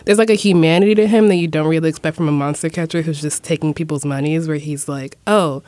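A woman's voice: low-pitched, steady tone, fast, mellow, no echo. A woman in casual podcast chat, candid and blunt, laughing often. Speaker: podcast panelist.

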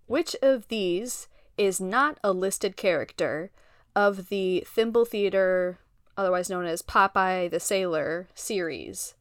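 A woman's voice: medium pitch, slow, smooth, no room sound, studio quality. A woman hosting a trivia quiz, reading out answers plainly and laughing easily between them. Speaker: quiz host.

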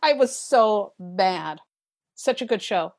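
A woman's voice: mid-range voice, slow pace. A middle-aged woman, a tarot reader, chatting casually on a podcast and acting out her own remarks as she tells stories. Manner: animated storyteller, acts out her own quotes.

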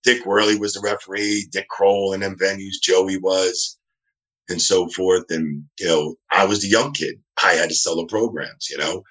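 A middle-aged man from New Jersey, a guest telling animated, rambling stories in a casual interview. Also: sits low, normal speed, low-quality recording. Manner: rambling, animated, acts out quoted dialogue.

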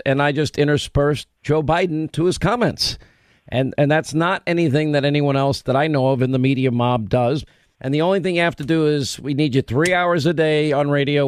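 A man's voice: on the high side, clear, resonant tone, no echo. A male talk radio host bantering with his staff and callers in a brash, joking way on a studio mic.

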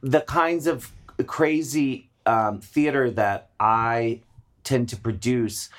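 Animated man telling a backstage story. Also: medium pitch. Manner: animated storyteller, bursts of laughter. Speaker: drag performer and theater producer. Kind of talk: casual podcast chat.

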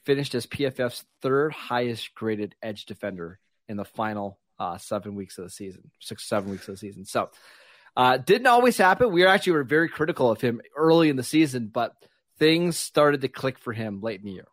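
A man co-hosting a football podcast, giving brisk, decisive opinions in casual talk. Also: mid-range voice, animated, no echo. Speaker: podcast co-host.

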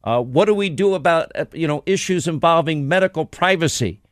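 Animated and fairly quick, this combative male host, whose voice runs a little high, fires off one rhetorical question after another in a sarcastic political monologue. The studio audio is close and dry, without room echo.

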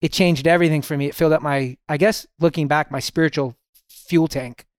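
Middle-aged male guest, relaxed storyteller, fairly high voice, dry sound. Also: fairly quick, dry recording. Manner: relaxed storyteller, sprinkles in "you know". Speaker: podcast guest. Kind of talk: casual storytelling conversation.

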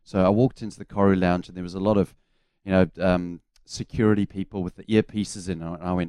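A middle-aged man with a New Zealand accent, co-hosting a sports radio show and telling relaxed, self-deprecating stories. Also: low voice, fairly quick, clear, resonant tone, no room sound. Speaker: radio co-host, former cricketer. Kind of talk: casual sports radio chat.

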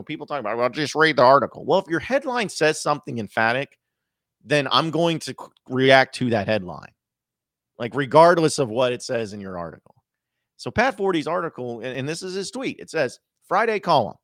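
A man's voice: lowish voice, a bit bright, dry recording, clean studio sound. A man hosting a sports podcast, talking casually and with strong opinions, often restarting his sentences. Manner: opinionated, emphatic, with frequent restarts. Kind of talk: casual solo podcast commentary.

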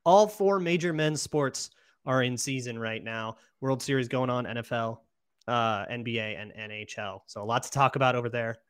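A man's voice: mid-range voice, moderate pace, clean tone. Wry man hosting a sports podcast. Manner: steering the conversation, wry and teasing. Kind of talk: casual sports chat.

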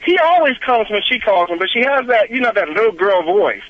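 Animated male radio caller, high and bright, over a dull, dry phone line. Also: a little fast, dry recording. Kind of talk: radio call-in chat.

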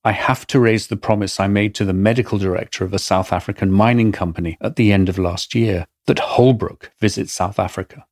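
A man with an English accent narrates his own memoir in a wry, measured storytelling manner. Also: lowish voice, steady tone, a little mellow, no room sound, studio quality. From England. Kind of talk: first-person memoir narration.

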